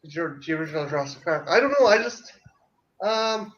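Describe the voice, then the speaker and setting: An Irish man with a high, bright voice talks in loose chat, tripping over his own words and cursing as he goes. The sound is dull and lo-fi. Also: lively intonation, brisk. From Ireland. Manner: profane, stumbling restarts. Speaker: podcast co-host. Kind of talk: casual chat.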